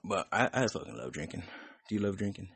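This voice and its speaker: A man's voice: sits low, sing-song, fast talker, vocal fry, fairly bright tone, breathy edge, no room sound. A young man hosting a podcast, chatting in a loose, rambling way with plenty of cursing. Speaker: podcast host. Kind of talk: casual chat.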